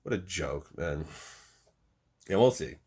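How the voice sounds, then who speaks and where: A man in an angry political rant, profane and exasperated, mocking and swinging between loud outbursts and low muttering. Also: expressive, slow, slightly rough. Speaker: political commentator.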